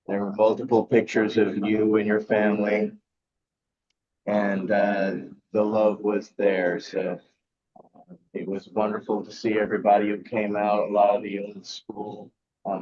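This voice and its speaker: Man, low and monotone, muffled headset, halting filler-laden speech, crowd noise behind. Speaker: event organizer reporting in. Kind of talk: casual report over a call.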